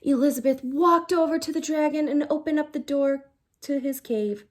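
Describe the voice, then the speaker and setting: A woman teacher reading a picture book aloud to children, animated, gasping and asking the listener questions. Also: sits high, normal speed. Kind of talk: storytime read-aloud for children.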